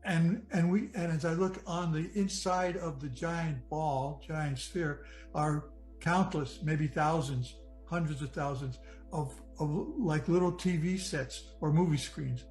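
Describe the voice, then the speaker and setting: A man from Michigan giving an earnest personal testimony about nearly drowning, reflective and halting, often restarting his sentences. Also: on the high side, fairly even intonation, rough recording. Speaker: near-death experience storyteller. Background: soft music.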